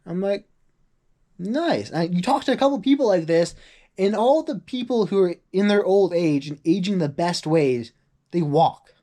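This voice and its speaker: A young man chats through a rambling vlog with a slightly high-pitched voice. He fills his talk with "like" asides. When he quotes other people, he acts them out in a higher voice. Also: moderate pace, mellow. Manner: chatty, rambling, full of "like" asides. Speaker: vlogger. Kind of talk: casual vlog monologue.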